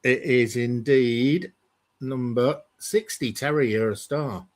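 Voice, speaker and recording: Male host, mid-pitched everyday voice, upbeat quizmaster manner. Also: slow pace. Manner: quizzing, upbeat. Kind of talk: casual chat.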